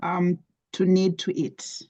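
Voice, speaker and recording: A woman's voice: on the low side, completely flat delivery, slow pace, dark tone. A woman student on a video call, answering hesitantly with ums, through dull lo-fi call audio. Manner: hesitant, starts with um.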